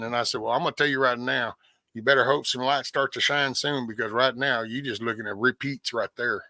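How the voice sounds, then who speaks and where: Bright, animated man telling a story. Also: mid-range voice, fairly quick, no room sound. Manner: animated storyteller, acts out quoted voices, swears. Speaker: podcast host. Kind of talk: casual storytelling conversation.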